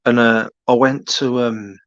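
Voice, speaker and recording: A man with a Birmingham accent chatting casually on a late-night live stream, rambling and halting with lots of fillers. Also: mid-range voice, level tone, fairly bright tone, dry recording, highs cut off.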